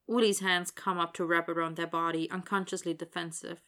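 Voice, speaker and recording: Woman narrator, low pitch, bright crisp tone, steady and wry. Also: moderate pace, few pauses. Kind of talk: audiobook narration.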